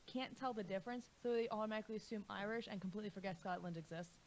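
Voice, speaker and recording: A woman's voice: medium pitch, steady tone, rapid-fire, a little mellow, a little hiss or hum. A woman in a mid-range voice chatting on a radio show, wandering into side stories. She corrects facts lightly as she goes. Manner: storytelling, digressive, corrects others. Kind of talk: casual radio chat.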